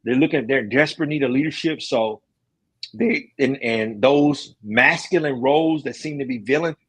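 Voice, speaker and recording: A man's voice: medium pitch, moderate pace, breathy edge. A middle-aged man hosting a casual stream chat, ranting emphatically with slang. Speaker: streamer host.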